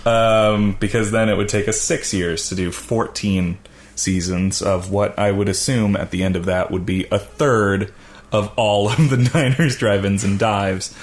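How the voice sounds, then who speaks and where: Rambling low-voiced young man. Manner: rambling, joking, filler-heavy. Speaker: podcast co-host. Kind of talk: casual podcast chat.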